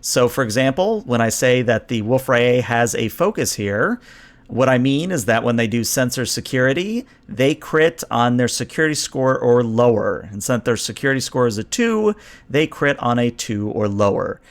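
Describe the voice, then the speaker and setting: A man running a science fiction tabletop game as game master, with a mid-range voice. He narrates scenes and explains the rules in a relaxed, explanatory way, slowing down to stress key moments. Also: medium pitch.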